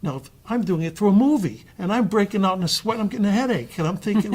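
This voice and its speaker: A man's voice: high voice, expressive, fast, darkish tone. A male actor and panel guest telling a story, acting out the dialogue in changing voices, with frequent restarts. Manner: restarts and trailing phrases.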